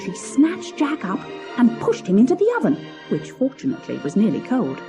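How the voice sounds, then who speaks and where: A woman narrating a children's storybook in an expressive, lilting storytelling manner. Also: fairly high pitch, moderate pace, music in the background. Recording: old cassette audiobook.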